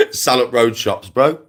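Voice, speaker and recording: A man's voice: medium pitch, fairly bright tone. A man, ranting casually to camera in a mocking, taunting way, repeating his jibes and breaking into laughs. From West Midlands, England. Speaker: vlogger.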